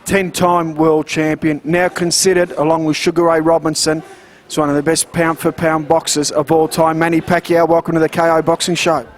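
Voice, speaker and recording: A man's voice: a little high, little pitch movement, moderate pace, a little hiss or hum. A man hosting a boxing interview show, asking upbeat promotional questions.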